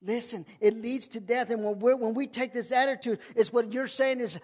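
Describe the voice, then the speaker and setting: High-voiced male preacher, impassioned sermon delivery, repeats lines, loud-to-hushed swings. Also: fairly even intonation, normal speed, few pauses.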